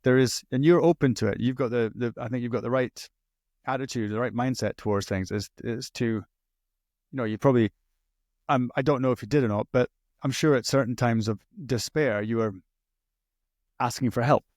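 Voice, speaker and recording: A man's voice: mid-range voice, a little fast, darkish tone, dry recording, clean studio sound. A man hosting a podcast, chatty and emphatic, joking with his guest. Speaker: podcast host. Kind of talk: casual interview chat.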